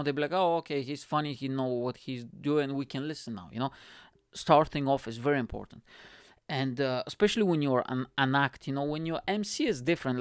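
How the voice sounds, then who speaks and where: A male comedian hosting his own podcast, telling a story in a loose, animated way. His voice is smooth and clear, recorded dry and close. He swears often and leans on fillers. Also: mid-range voice, dry recording. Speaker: stand-up comedian and podcast host. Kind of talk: casual storytelling monologue.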